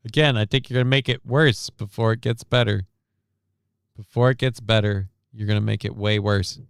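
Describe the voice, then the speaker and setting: A man's voice: fairly low pitch, steady tone, moderate pace, creaky, clean tone, no room sound, studio quality. A man streaming casual reaction commentary on a news clip, sarcastic and rambling, reading chat comments aloud.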